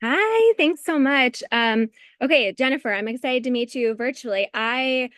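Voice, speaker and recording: A woman in her thirties, a poet, chatting brightly and then reading her poems over a video call. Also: high voice, expressive, moderate pace, no room sound, studio quality. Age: 30s.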